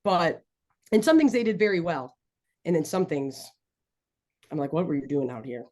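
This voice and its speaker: Chatty low-voiced woman podcaster. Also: big pitch swings, moderate pace, darkish tone. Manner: enthusiastic, rambling fan talk. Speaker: podcast co-host. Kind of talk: casual chat.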